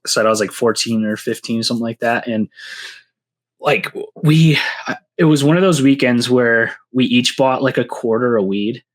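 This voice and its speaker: A man's voice: medium pitch, moderate pace. Rambling New man telling stories. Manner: rambling, full of "like" and restarts. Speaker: podcast guest, seed breeder. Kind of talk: casual storytelling.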